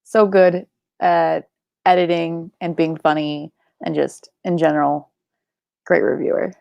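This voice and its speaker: A woman's voice: deep voice, little pitch movement, unhurried, creaky, no echo, lo-fi sound. A young woman hosting a live book club stream, chatting casually and rambling, sleepy and yawning, with offhand swearing.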